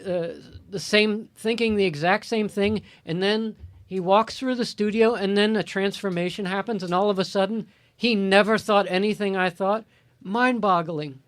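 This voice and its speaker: A speaker of middle pitch talking in a rambling way in casual chat. Thoughts trail off and restart as they lose track. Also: normal speed. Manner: rambling, loses track mid-sentence.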